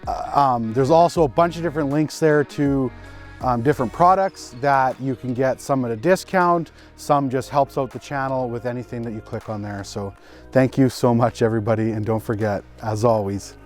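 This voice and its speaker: Fishing vlogger, male, mid-pitched, exclamatory running commentary outdoors on the ice, faint music underneath. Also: normal speed. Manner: exclamatory, repeats short phrases. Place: outdoors on a frozen lake.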